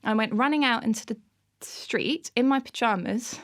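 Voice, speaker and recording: A woman's voice: fairly high pitch, moderate pace, fairly bright tone. A woman, a podcast guest, telling funny self-mocking stories in a casual interview, often breaking into laughter.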